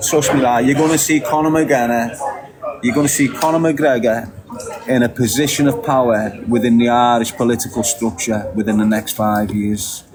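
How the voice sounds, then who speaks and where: A man's voice: medium pitch, steady tone, normal speed, low-quality recording. Man, Liverpool accent, middle-aged, emphatic and repetitive, podcast rant, crowd chatter audible. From England. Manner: emphatic and repetitive, with short laughs. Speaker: podcast guest. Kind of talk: ranting monologue.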